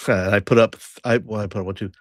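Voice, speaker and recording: A man's voice: fairly low pitch, steady tone, fast talker, no room sound, clean studio sound. Man casually playing a tabletop game. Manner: casual, hesitant. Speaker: player.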